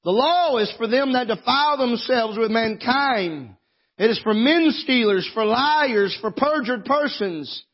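A man preaching a sermon in church as pastor, moving from quiet scripture reading to impassioned, tearful shouting. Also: very high-pitched, expressive, unhurried, husky. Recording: dull lo-fi sermon recording.

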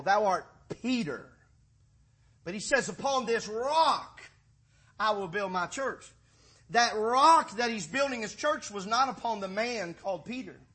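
Preacher guy, kinda high husky voice, goes from quiet storytelling to loud build-ups. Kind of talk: sermon.

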